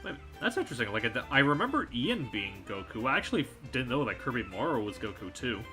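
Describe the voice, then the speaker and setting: A man streaming a kart racing game, chatting casually with an animated, rambling manner full of restarts. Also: mid-range voice, fast talker. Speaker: streamer and voice actor. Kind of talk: casual chat while gaming. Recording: game music playing behind.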